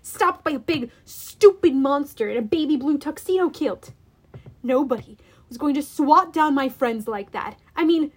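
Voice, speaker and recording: A woman reading a first-person adventure aloud, expressive and deliberate. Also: sits high. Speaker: audiobook reader. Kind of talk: dramatic first-person storybook narration.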